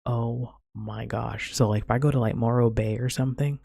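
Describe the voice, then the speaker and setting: A woman's voice: rumbling low, steady tone, normal speed, vocal fry, warm tone, husky, dry recording, studio quality. A woman hosting her own podcast, chatting in a rambling, casual way full of "like" and "man". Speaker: podcast host. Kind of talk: casual solo podcast chat.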